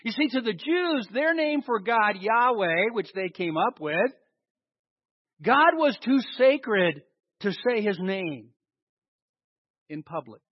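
A man's voice: sits high, takes it slowly, pauses often, husky, no room sound. A man preaching a sermon, quizzing his listeners with questions and answering them himself. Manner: animated, asks the congregation questions and answers them. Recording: dull lo-fi recording.

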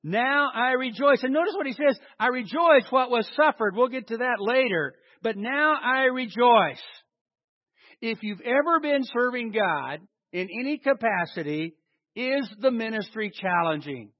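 A male pastor delivering a sermon, swinging between loud emphasis and quiet asides, and leading the congregation in call and response. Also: high voice, no echo, muffled recording. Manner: dynamic preaching with big swings in loudness and emphasis. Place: church hall with a congregation.

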